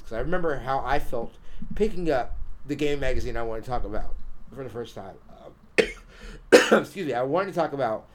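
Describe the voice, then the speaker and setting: Man, podcast host, casual chat, rambling, many fillers, middle pitch.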